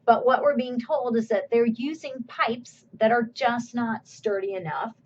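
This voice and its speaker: A woman's voice: on the high side, measured pace, muffled recording, a little hiss or hum. Woman giving a recorded slide lecture. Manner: conversational, asks questions and answers them. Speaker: course instructor.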